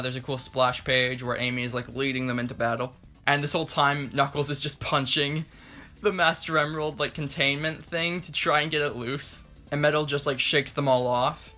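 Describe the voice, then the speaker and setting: A man talks through a review in a loose, joking, animated way. His voice sits a bit high and rings bright and forceful. Soft music plays quietly behind him. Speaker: comic book reviewer. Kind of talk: casual spoken review.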